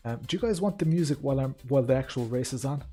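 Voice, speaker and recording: A man's voice: medium pitch, lively intonation, very fast, mellow, slightly rough. An Irish man chatting casually with viewers during a racing game stream, rambling with lots of ums and asides. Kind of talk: casual live-stream chat. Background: faint background music.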